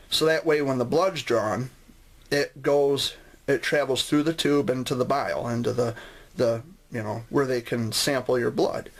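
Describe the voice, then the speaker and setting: A man telling a personal story in a casual, rambling way, often restarting his sentences. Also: medium pitch. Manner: rambling, with frequent restarts and asides. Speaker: vlogger sharing a memory.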